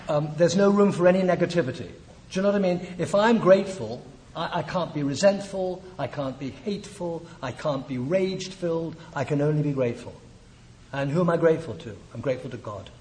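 A man sharing his personal testimony at a recovery meeting, reflective and earnest, slowing down on his key words. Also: on the high side, slight background noise.

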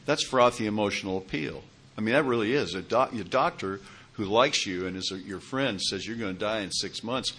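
A man's voice: lowish voice, a little fast, sharp tone, husky. A man in his sixties telling his own recovery story in a rambling way, often checking in with his listeners. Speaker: recovery meeting speaker. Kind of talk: personal testimony talk.

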